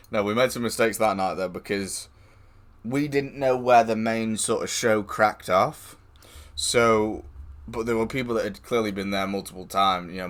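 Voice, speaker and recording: Lowish-voiced man telling a swearing anecdote. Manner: swearing, laughing, animated anecdote with quoted voices. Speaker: streamer. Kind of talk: casual storytelling.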